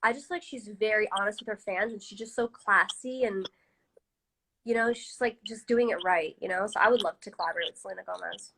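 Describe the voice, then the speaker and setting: A woman's voice: medium pitch, brisk, bright, forceful tone, a little hiss or hum, low-quality recording. A woman singer chatting casually in a live-stream interview on a phone, filling her talk with "like" and "you know". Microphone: phone on a live video stream.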